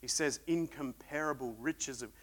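A man preaching a sermon, swinging between loud emphatic peaks and quiet reflective stretches. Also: medium pitch, moderate pace.

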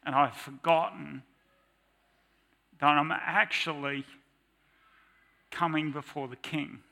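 Slow, gravelly man preaching a sermon. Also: fairly high pitch, fairly even intonation, bright, forceful tone. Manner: earnest, confessional. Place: church with slides.

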